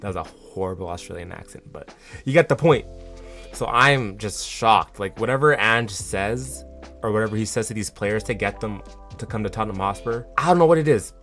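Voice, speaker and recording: Low-ish guy doing a chatty football fan vlog, lots of um and like, quiet music behind. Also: fairly quick. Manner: chatty and excitable, with many fillers and restarts. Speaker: football fan channel host. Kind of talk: casual vlog commentary.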